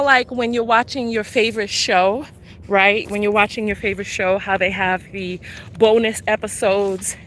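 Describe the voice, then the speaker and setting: Female vlogger, breathless from walking, sassy and quick to laugh, bright and forceful voice, light outdoor street noise behind her. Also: fairly high pitch. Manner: sassy, laughing, talks back to commenters. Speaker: vlogger and podcast host. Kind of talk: casual live-stream chat while walking. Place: outdoors on a walk. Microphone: handheld camera while walking.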